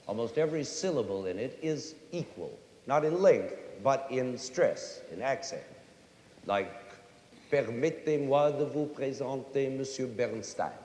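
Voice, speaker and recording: A middle-aged man giving a lively lecture on music to a young audience, now and then singing short folk tunes to make his point. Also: medium pitch. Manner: animated, sings and hums short folk tunes to demonstrate. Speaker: conductor and music educator. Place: large concert hall with audience. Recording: roomy concert hall reverb, faint hiss.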